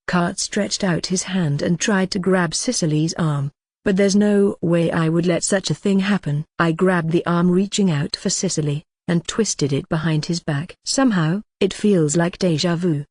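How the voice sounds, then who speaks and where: A woman's voice: on the low side, normal speed, a little mellow, dry recording, clean studio sound. A woman reading a light novel aloud in plain first-person narration. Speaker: audiobook reader.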